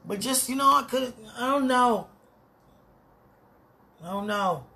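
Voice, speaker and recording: A podcast host pours out an emotional monologue, talking straight to God and a loved one. The voice is husky and breathy, pleading one moment and declaring loudly the next. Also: mid-range voice, animated, takes it slowly. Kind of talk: prayerful personal monologue.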